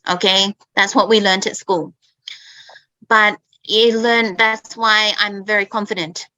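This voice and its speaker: A host and English teacher who grew up in Australia runs a casual online chat in a medium-pitched, bright, forceful voice, keeping a steady tone and measured pace. She speaks emphatically, repeats herself, and frequently asks "okay?", recorded roughly without echo.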